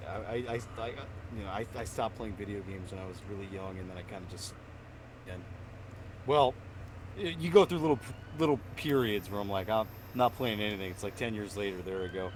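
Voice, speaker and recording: A man's voice: on the low side, a little fast, background noise. A man co-hosting a podcast, telling stories animatedly with laughter and swearing. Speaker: podcast co-host. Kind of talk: casual chat.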